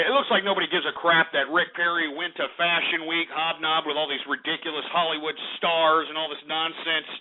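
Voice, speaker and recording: A man from Texas hosting call-in talk radio, brash, mocking and profane. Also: high-pitched. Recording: tinny phone-like line.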